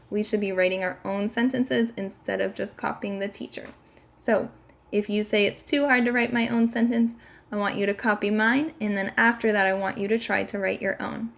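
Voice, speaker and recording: A woman's voice: mid-range voice, steady tone, moderate pace, gravelly. A woman teaching a sight-word lesson to young children, encouraging them and spelling each word out letter by letter. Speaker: kindergarten teacher. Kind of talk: slow, clear classroom instruction.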